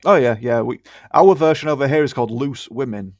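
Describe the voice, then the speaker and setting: A man's voice: medium pitch, brisk, no echo. British man, co-host, blunt and profane, mid voice, dry close mic. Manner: blunt, sweary, ranting. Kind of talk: casual podcast chat.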